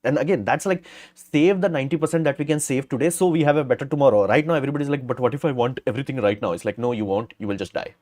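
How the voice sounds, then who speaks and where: A man's voice: on the high side, racing, a little mellow. A middle-aged man, hosting a casual live stream and answering viewer questions in a blunt, rambling way full of fillers.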